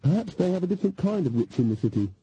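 Male narrator voicing an earnest young witch woman, plaintive, raised husky voice. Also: high voice, sing-song, racing, mellow, no echo, dull audio, voice pushed up, heavily acted. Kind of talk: audiobook character voice.

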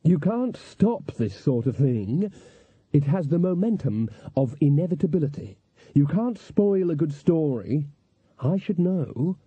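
An actor playing a cold, haughty older female witch, speaking in a cool, measured and superior way. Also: a little high, animated, slightly rough, no echo, voice pushed up, heavily acted. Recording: dull, dry lo-fi recording.

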